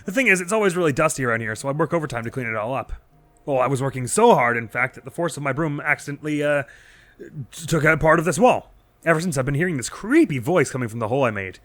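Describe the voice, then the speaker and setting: A man's voice: on the high side, animated, fast, dry recording, close to an everyday voice. A man voicing a jittery, superstitious castle worker in a nervous, fretful read-aloud delivery.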